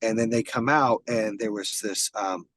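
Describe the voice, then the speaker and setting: A man with a lowish, slightly bright voice speaks at a moderate pace as a guest on a casual podcast, where he's a business founder. He's blunt and emphatic, swears, and often restarts sentences; the recording is low quality with no echo.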